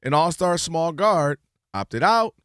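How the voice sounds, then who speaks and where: A man co-hosting a sports talk show, chatting casually and expressively and quick to laugh along. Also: a little high, big pitch swings, fairly bright tone, smooth, no room sound, clean studio sound. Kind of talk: casual sports radio chat.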